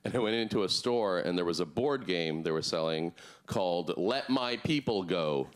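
A man in his thirties doing a deadpan, absurd stand-up routine on a club stage, jumping up into a high voice for the people he quotes. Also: moderate pace. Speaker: stand-up comedian. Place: comedy club stage before a live audience.

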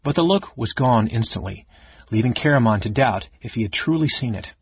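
A man narrating a fantasy novel audiobook in an even, steady storytelling manner. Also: medium pitch, a little fast, husky, no room sound. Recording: dull lo-fi audiobook recording.

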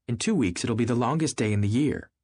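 A man voicing a charming, flighty young society wife who speaks in a breathy, lilting, teasing way. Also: medium pitch, fast, a little mellow, no room sound, voice pushed up, lightly acted.

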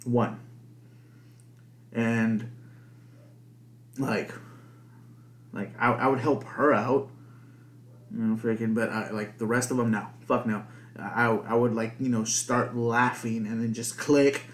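A man's voice: mid-range voice, steady tone, slow, long pauses. Rambling, foul-mouthed male podcaster. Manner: rambling, heavy swearing and filler words. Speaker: podcast host. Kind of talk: casual podcast monologue. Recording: echoey room.

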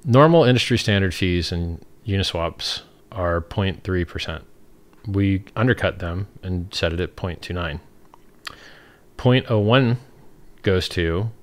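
Here a man with a voice that sits low runs a livestream, working through questions from chat. His replies wander off the cuff, and he laughs at his own lines.

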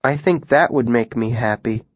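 A man's voice: medium pitch, no echo, lightly acted. A man reading a stubborn, unsmiling boy. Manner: slow, flat, insistent. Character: stubborn, unsmiling boy who wants the moon. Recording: dry, slightly muffled studio recording.

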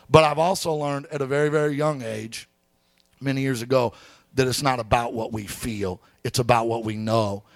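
A man preaching a sermon to a church congregation, telling a personal story in an easygoing way and then rising into shouted, sing-song preaching. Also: mid-range voice, fairly even intonation, moderate pace, dry recording. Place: church sanctuary.

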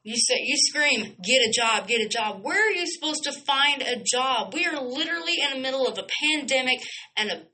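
A woman's voice: high voice, expressive, moderate pace, pushed and bright, a little hiss or hum, rough recording. A woman hosting a podcast, speaking in an impassioned monologue, blunt and emphatic, swearing freely and restarting phrases as she goes. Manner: repeats and corrects phrases mid-sentence. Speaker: podcast host.

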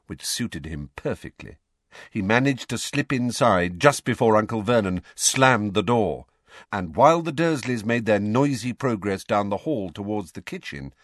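A man narrating a novel aloud in an expressive storybook style. His pitch rises and falls in an animated way. The recording is dry and close. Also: no room sound. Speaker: audiobook reader.

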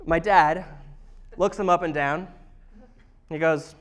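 A man's voice: on the high side, fairly even intonation, slow pace. A man in his thirties, a pastor, preaching a conversational, self-deprecating sermon with storytelling. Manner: chatty, self-deprecating, humorous. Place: church service.

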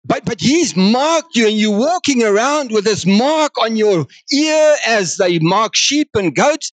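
High-voiced South African preacher, slow and animated. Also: male voice, dry recording. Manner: animated, acts out God's words, mixes in other languages. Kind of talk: sermon.

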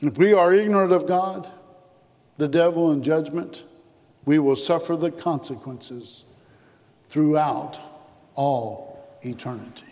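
A man preaching a sermon as pastor, emphatic, repeating phrases and dropping low and soft on key words. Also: slow pace, long pauses, big-room sound. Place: church.

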